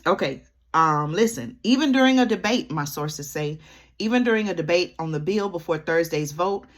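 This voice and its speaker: A vlogger with a lowish, animated voice talks to camera at a normal speed. She keeps up a running chat with her viewers, checking in often and peppering her talk with "y'all" and "okay?".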